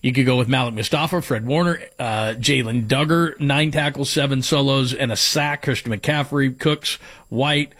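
A man's voice: medium pitch, normal speed, a bit bright. A man hosting sports talk radio, giving strong opinions as he runs through names and stats.

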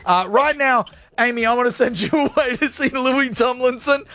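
A man in his forties with an Australian accent, hosting a live radio show with loud, playful banter. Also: very high-pitched, moderate pace, no echo. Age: 40s.

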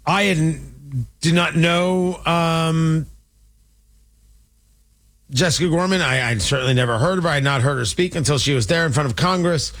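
A man's voice: fairly high pitch, moderate pace, long pauses, a bit bright. A man hosting a political opinion show, talking in an indignant, mocking and emphatic monologue. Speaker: talk show host.

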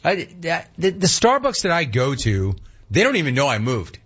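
A middle-aged man hosts a sports talk radio show and rants with lively, sarcastic swings. His voice is husky and moves up and down a lot. The broadcast audio is a bit dull. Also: a little high, moderate pace. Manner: animated, sarcastic ranting.

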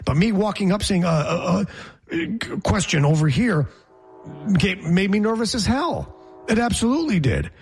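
A man, a reporter, telling a story in casual chat, emphatic and animated. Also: sits high, moderate pace, faint music behind. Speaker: reporter guest.

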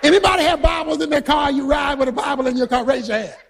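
A man preaching a sermon who tells stories with energy, shouts his points and quizzes the congregation. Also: extremely high pitch, fast talker, gravelly, a faint crowd, a little hiss or hum. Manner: animated storytelling, shouting for emphasis, quizzing the congregation.

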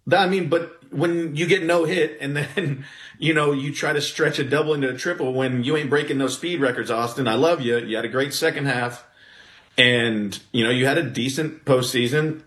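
A man, a former pitcher, talking baseball in a blunt, animated way that rises into exasperated outbursts. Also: moderate pace. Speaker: former pitcher, podcast guest. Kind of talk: casual sports talk. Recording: roomy echo.

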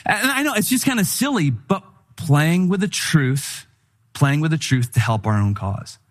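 A middle-aged man preaching a sermon in a conversational, humorous style, telling animated stories. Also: on the high side, moderate pace. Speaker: pastor.

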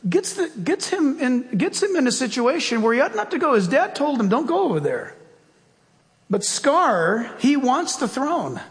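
A man's voice: extremely high pitch, very animated, normal speed, hardly any pauses, long reverb tail. A man preaching a sermon as pastor, emphatic and full of rhetorical questions, ending in a fervent prayer.

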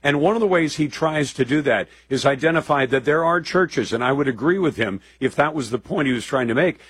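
A man's voice: mid-range voice, fairly bright tone, slightly rough, dry recording. A man hosting a political talk show, delivering emphatic, combative commentary. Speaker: talk radio host.

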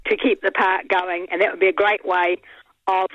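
A woman's voice: mid-range voice, level tone, moderate pace, no echo. A woman with a New Zealand accent calling in to talkback radio, chatty and rambling with many fillers. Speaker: caller. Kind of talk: casual phone-in chat. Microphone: phone. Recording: muffled phone line.

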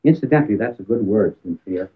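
On an old archive recording with a tinny, phone-like band, a man with a fairly low, lively voice speaks at a quick pace. He tells anecdotes about public speaking, using emphatic rises and sudden drops to near silence.

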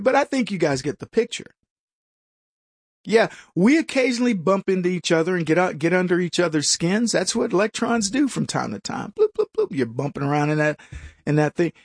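A man's voice: fairly high pitch, breathy edge, no room sound, studio quality. A man hosting a political talk show, sarcastic and mocking, who stumbles and restarts and laughs at his own jokes. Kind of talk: opinionated commentary monologue.

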